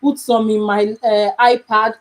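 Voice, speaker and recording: A woman's voice: fairly high pitch, level tone, a little slow, poor audio. A young woman with a Nigerian English accent, chatting casually on a live stream as a mother, emphatic and repetitive, often pleading.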